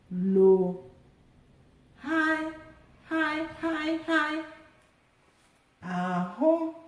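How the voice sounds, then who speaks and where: A woman teaching a language lesson, drawing words out slowly and sounding their tones in drills. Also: medium pitch, dark tone, roomy sound, low-quality recording. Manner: drawn-out sung word drills. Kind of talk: slow tone-marking lesson.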